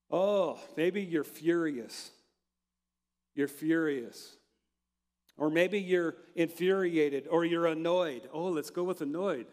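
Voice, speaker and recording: A man preaching a sermon as pastor, asking the listeners rhetorical questions and dropping from loud lines to near-quiet ones. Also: a little high. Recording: reverberant hall.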